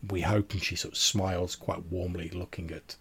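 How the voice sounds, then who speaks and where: Husky deep-voiced man narrating a game. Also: little pitch movement, fairly bright tone. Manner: plain, halting narration. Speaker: game master.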